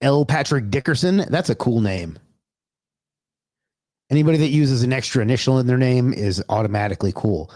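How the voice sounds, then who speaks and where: A man hosts a livestream in a loose, rambling chat, greeting viewers by name and cursing under his breath when things go wrong. His voice sits at an ordinary middle pitch. The sound is dry and close, with no room around it. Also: lively intonation, a little fast, darkish tone, no room sound. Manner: loose and chatty, swears, talks to himself. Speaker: livestream host.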